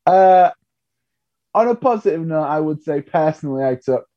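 A male comedian with a slightly high voice speaks at a moderate pace on a podcast, sharing animated, candid anecdotes that poke fun at himself. There's no room sound, and the highs are cut off.

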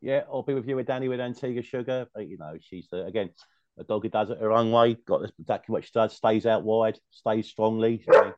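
Quick low-voiced man on a dull, dry line. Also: no echo. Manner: chatty and agreeable, laughs easily, loose phrasing. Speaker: guest tipster. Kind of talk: casual chat.

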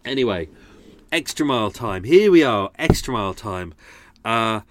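A man's voice: on the low side, animated, moderate pace, slight background noise. A man hosting a podcast, rambling casually and swearing, his voice a little strained. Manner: sweary, self-deprecating, chatty. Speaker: podcast host.

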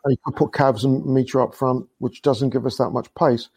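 A man talking casually about football as a podcast guest, chatty and quick to laugh, often restarting his sentences. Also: mid-range voice, fairly even intonation, darkish tone, breathy edge. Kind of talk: casual chat.

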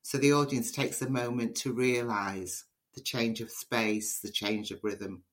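A Liverpool woman, a poet appearing as an interview guest, answers questions conversationally with a very deep voice at a measured pace. She's chatty and animated, spinning stories as she talks.

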